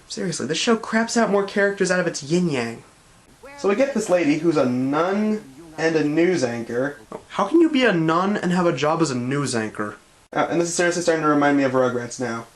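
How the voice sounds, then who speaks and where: A man delivers sarcastic review commentary, sounding exasperated and mocking. His voice sits a little high for a man, and it bounces around an echoey room. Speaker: show reviewer.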